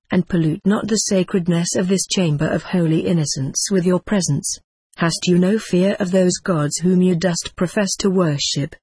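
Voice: mid-range voice, darkish tone, slightly rough, no echo, close to an everyday voice. A reader voicing the ghostly spirit of a young man who speaks in solemn, old-fashioned words, read as an audiobook. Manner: archaic, solemn speech. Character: sad, loving male spirit of a young man. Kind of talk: audiobook reading.

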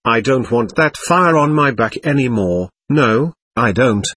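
A stubborn, sulky little ghost girl, defiant and quick to stamp her feet, as a male reader puts her on. The voice is husky and lively in pitch, recorded close and dry with no room around it. It comes from a spoken-word reading of a seance account. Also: dry recording. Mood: defiant, sulking. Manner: petulant, defiant. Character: angry spirit of a young girl, willful and stamping.

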